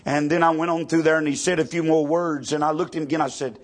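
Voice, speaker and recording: A man's voice: on the high side, steady tone, fast. A man, a pastor telling a story from the pulpit and dropping "amen" after nearly every line. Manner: testimony peppered with constant "amen". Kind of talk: storytelling sermon.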